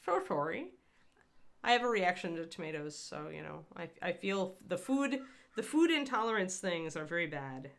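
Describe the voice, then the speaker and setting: Woman host, low voice with vocal fry; rambling chatty painting demo, talks to chat. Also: lively intonation, moderate pace. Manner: chatty and rambling, answers live chat by name. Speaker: miniature painter hosting a livestream. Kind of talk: casual painting demonstration.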